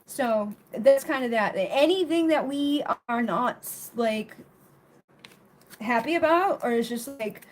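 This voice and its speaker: A woman chats loosely on a live tarot stream, sitting a little higher than most women's voices. She wanders from thought to thought, swears freely and breaks into laughter and goofy word riffs. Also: expressive, slow pace. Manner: rambling, profane and laughing; playful silly vocal riffs. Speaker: tarot reader. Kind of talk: casual live-stream chat.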